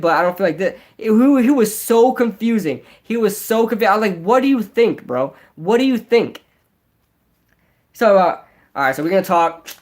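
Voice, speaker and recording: A young man with a nasal, high-pitched voice chats casually on a live stream. He rambles, piles on fillers like "like" and "um," and restarts his sentences. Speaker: sports vlogger.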